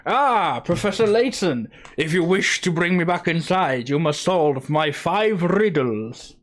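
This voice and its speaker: Riddling girl cat in a puzzle game, goofy fake accent, squeaky and drawn out, as a guy puts her on. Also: expressive. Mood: teasing. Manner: slow, exaggerated put-on accent. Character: female talking cat, riddling and theatrical.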